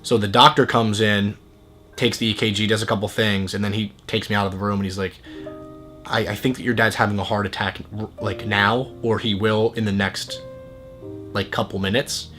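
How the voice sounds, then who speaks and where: A man's voice: fairly low pitch, level tone, normal speed, fairly bright tone, soft background music. A man earnestly telling a personal story in a casual, conversational way, acting out what people said. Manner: earnest, conversational, acts out quoted dialogue.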